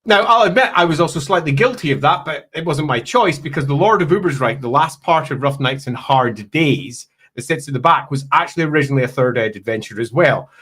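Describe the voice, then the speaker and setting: Animated man hosting a casual chat. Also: fairly high pitch, a little fast, hardly any pauses, husky. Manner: animated, laughing, rambling asides. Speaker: host and game producer.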